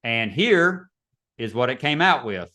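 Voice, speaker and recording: A man's voice: mid-range voice, very animated, measured pace, sharp tone. Man, casual webinar teacher, chatty, video call. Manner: casual, chatty, repeats himself. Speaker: real estate instructor.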